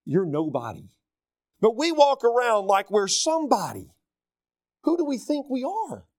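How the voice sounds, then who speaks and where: A middle-aged man with a Southern US accent preaching a sermon, animated and self-deprecating, acting out the voices of people he quotes. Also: very high-pitched, a little slow, dry recording, studio quality. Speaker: pastor.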